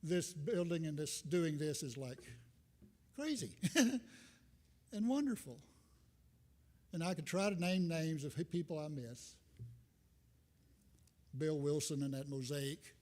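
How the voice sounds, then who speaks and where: An older man delivers a loose, folksy sermon, drifting between thoughts with self-deprecating humor. His voice sits a little high for a man. It rings out with a long reverb through a church sanctuary. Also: steady tone, a little slow, darkish tone. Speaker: visiting minister. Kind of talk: informal sermon.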